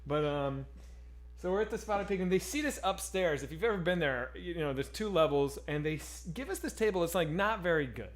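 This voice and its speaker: A man co-hosting a streamed chat show, telling a story in an animated, excitable way and swearing freely. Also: on the high side, a little fast. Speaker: podcast co-host.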